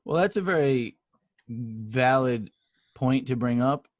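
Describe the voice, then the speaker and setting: A man's voice: medium pitch, expressive, slow, no room sound. Teasing New man, dry close sound. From New York. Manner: joking, teasing banter. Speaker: podcast co-host. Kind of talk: casual chat.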